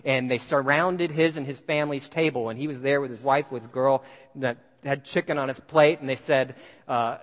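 A man telling a story to an audience in an animated way, with many fillers and restarts. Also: medium pitch, normal speed. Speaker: speaker. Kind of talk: storytelling talk. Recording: long hall reverb.

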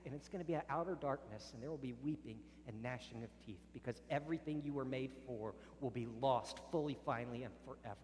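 Man, pastor, earnest sermon, middle pitch, faint background hum. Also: quick pace, few pauses, in a large hall. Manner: earnest preaching, drops soft on solemn lines, rises sharply in acted arguments.

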